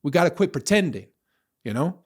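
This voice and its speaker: Profane ranting man, somewhat high voice. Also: very animated, brisk. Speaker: comedian podcast host. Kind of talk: solo podcast rant.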